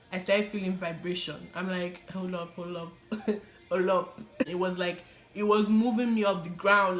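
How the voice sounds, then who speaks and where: A young woman telling her personal testimony in an animated, casual way, often laughing and using fillers. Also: fairly low pitch. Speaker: vlogger sharing her testimony. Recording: echoey room.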